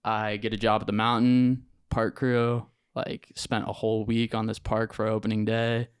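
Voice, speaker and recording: A young man, a podcast guest, telling his story in an animated, slangy way with lots of acted-out quotes. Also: on the low side, normal speed, smooth, dry recording, clean studio sound. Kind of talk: casual storytelling interview.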